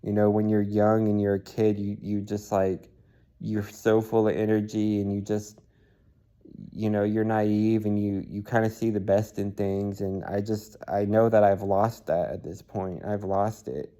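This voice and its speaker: A tired man speaks into his camera in a low, mellow voice that barely rises or falls. He talks in a halting way, restarting sentences and filling pauses, like a personal video diary. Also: level tone. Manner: halting, soft-spoken, many fillers and restarts. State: weary and tired. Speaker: vlogger.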